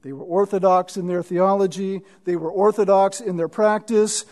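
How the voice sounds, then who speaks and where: High-voiced man preaching a sermon. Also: fairly even intonation, moderate pace, hardly any pauses, a little mellow. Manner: emphatic, repeats words when building a point. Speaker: pastor.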